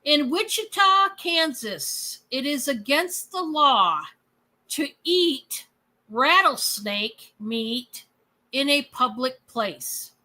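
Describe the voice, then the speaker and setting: A woman's voice: high-pitched, lively intonation, slow, bright, forceful tone. A woman with a Michigan accent hosting a live sales stream, chatty and rambling, laughing often. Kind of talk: casual live stream chat.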